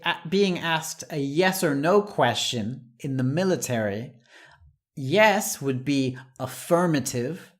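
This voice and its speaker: A patient English teacher walks learners through everyday expressions, speaking at an unhurried, careful pace. Each example phrase is said slowly and repeated, with the odd light chuckle between points. The voice sits at a middle pitch.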